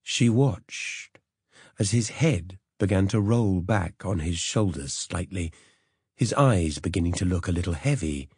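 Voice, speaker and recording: A man narrating an audiobook in a measured storytelling manner. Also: sits low, animated, darkish tone, slightly rough, dry recording, clean studio sound. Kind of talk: scripted narration.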